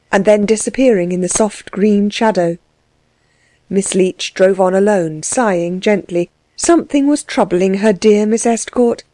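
A woman reading a novel aloud in scripted narration, measured and expressive. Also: mid-range voice, no room sound. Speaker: audiobook narrator.

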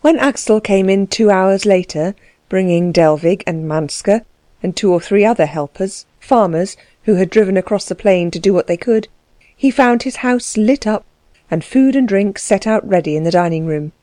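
A woman reading a novel aloud as an audiobook narrator, in a measured, even storytelling manner. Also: medium pitch, no echo. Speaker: audiobook reader. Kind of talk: scripted narration.

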